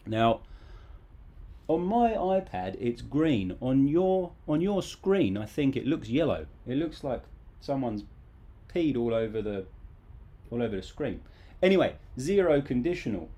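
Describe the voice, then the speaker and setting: A man teaches English grammar to a live online audience. His voice is mellow and warm, his manner loose, playful and chatty. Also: mid-range voice. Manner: casual, playful, lively.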